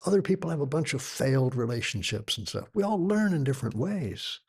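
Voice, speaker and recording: An older man, a yoga teacher appearing as a podcast guest, telling stories in an animated, conversational way with a gravelly voice. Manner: animated storyteller, lively pitch shifts. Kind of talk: storytelling conversation.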